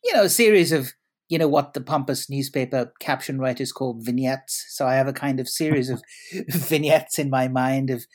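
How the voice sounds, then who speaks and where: A man's voice: medium pitch, moderate pace. Hesitant middle-aged man, Indian-British accent. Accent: Indian and British English blend. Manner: hesitant, repeats words, wry. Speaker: guest, journalist and columnist. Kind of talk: casual interview conversation.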